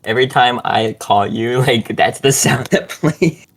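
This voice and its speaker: A man's voice: mid-range voice, unhurried, a bit bright. A man casually reading a story aloud to a friend on a voice call, stumbling over words and breaking into laughs. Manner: giggly, reads with frequent laughing breaks and stumbles. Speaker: co-host reading a fanfic aloud.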